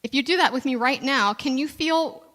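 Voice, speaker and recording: A woman reverend giving a sermon in a conversational way, slowing down for emphasis. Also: sits high, a bit bright, long reverb tail.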